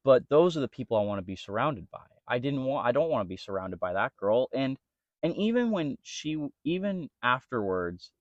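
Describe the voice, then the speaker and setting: A man's voice: mid-range voice, normal speed, dry recording, dull audio. A young man co-hosting a podcast, telling a story in casual chat and quoting people along the way. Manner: storytelling, animated quoting of others. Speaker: podcast co-host.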